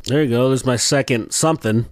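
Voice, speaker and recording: A man's voice: mid-range voice, a little fast, no echo, studio quality. A man hosting a reaction video, making wry, unimpressed remarks in casual commentary.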